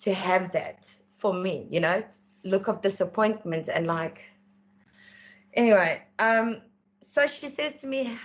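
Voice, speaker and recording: A woman telling her life story as an interview guest, candid and animated when she acts out dialogue. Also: on the high side, measured pace, vocal fry. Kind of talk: personal storytelling.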